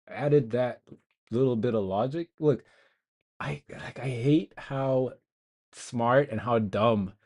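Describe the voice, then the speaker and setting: A young man chats loosely with himself while he builds a game on a live stream. His talk is slow and unhurried, with a middle-pitched voice, and he wanders between thoughts with self-mocking asides. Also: a little mellow. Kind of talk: casual live-stream coding chat.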